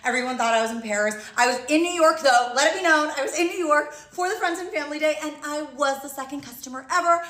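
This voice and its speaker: A woman's voice: high voice, fast, few pauses, sharp tone, echoey room. A woman influencer doing a food haul and taste test, gushing and eating as she talks. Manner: gushing, bubbly, talks with mouth full.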